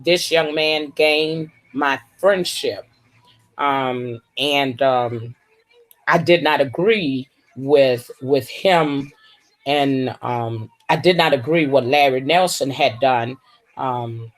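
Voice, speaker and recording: A woman hosting a casual livestream, drawling and calling viewers baby and honey. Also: extremely low pitch. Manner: slow, drawling, full of terms of endearment. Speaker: livestream host.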